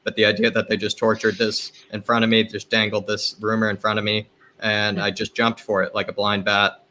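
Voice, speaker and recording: A man with a low, flat voice and a bright, tense edge speaks as a guest on a casual fan stream. He plays up his feelings in a melodramatic, self-mocking way. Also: brisk. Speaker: guest panelist. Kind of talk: casual live-stream chat.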